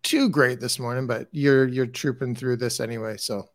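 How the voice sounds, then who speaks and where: Male co-host, relaxed and talkative, dry close recording. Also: medium pitch, moderate pace, no room sound. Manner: relaxed, chatty, restarts and fillers. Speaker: podcast co-host. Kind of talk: casual podcast chat.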